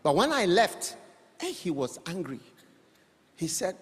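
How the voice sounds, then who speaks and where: A man preaching a sermon to a congregation, animated and rhetorical, teasing his listeners with questions. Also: high-pitched, unhurried, long pauses. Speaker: pastor. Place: church hall. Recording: long church-hall reverb.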